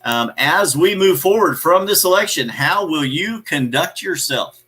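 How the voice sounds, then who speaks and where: A man's voice: on the high side, expressive, measured pace, sharp tone, low-quality recording. A man hosting a live motivational show, talking emphatically in a preachy way, repeating his key phrases and greeting viewers by name.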